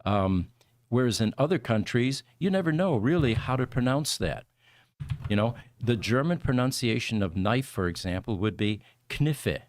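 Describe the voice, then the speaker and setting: A man's voice: mid-range voice, animated, moderate pace, a little mellow. A man hosting a livestreamed podcast, chatting casually and rambling through explanations with many fillers. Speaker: podcast host.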